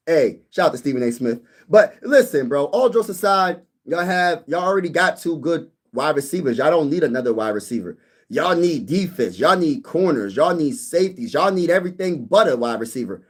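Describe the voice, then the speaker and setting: A young man hosting a casual sports live stream, reading viewer comments and bantering back with lively energy. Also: fairly high pitch, normal speed. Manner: animated, reads chat comments aloud and banters. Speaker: sports YouTube host.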